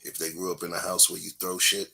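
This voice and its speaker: A man's voice: low voice, monotone, quick pace, gravelly, sharp tone, breathy edge. A man hosting a casual talk show, telling stories with slang in a laid-back, preachy way. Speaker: host.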